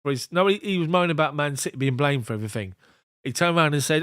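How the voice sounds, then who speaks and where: Male fan commentator, fairly high voice, quick clipped match calls with chatty asides, dry recording. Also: lively intonation, fairly bright tone, no room sound. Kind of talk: live ball-by-ball match commentary.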